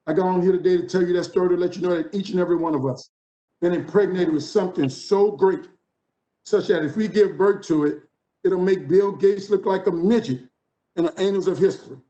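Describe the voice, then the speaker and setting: A man's voice: high voice, a little fast, mellow, muffled recording. A man in his fifties from New Orleans with a New Orleans accent, giving a motivational keynote with rhythmic, preacher-like repetition. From New Orleans, USA. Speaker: conference keynote speaker. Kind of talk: motivational speech.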